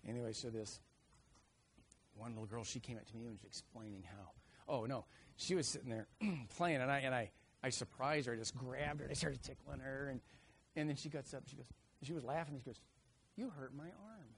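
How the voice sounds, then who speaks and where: A middle-aged man delivers a sermon in a lively storytelling way, jumping into loud acted-out children's voices. His voice sits in an ordinary middle pitch. Faint background noise hangs under the recording. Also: a little fast. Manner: animated storyteller, acts out kids' shouts. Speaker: preacher.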